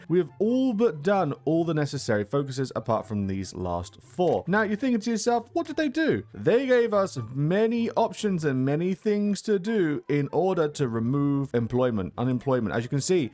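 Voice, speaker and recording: A young man giving casual gameplay commentary, excitable, laughing often and tripping over repeated words. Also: fairly high pitch. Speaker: gaming YouTuber.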